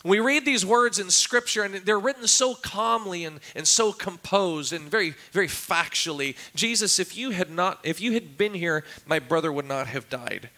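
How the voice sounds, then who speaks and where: A man's voice: high voice, lively intonation, moderate pace, hardly any pauses, sharp tone. A man preaching a sermon as pastor, acting out quoted cries with a raised, dramatic voice. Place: church.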